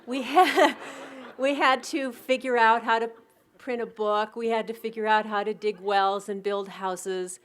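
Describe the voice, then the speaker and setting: A middle-aged woman giving a reflective spiritual talk, telling anecdotes in a gentle, unhurried way with soft restarts. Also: fairly high pitch, steady tone. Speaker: spiritual community teacher.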